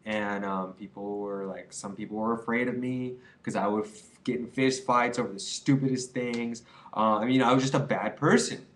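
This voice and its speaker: Talking directly to the camera, this young vlogger gives casual advice in a rambling, sincere way, with plenty of filler words. His voice is lowish and steady, at a normal speed.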